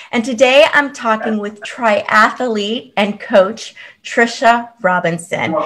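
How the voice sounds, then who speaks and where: A woman's voice: mid-range voice, pushed and bright. A woman hosting a parenting podcast, reading an upbeat scripted introduction and then interviewing a guest with exclamatory enthusiasm. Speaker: podcast host.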